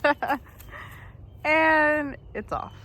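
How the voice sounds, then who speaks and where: Upbeat high-voiced young woman outdoors. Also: drawn-out words, pushed and bright. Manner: chatty, upbeat, laughs often. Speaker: vlogger filming a child's nature walk. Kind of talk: casual narration to viewers. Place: outdoors in a park by a pond.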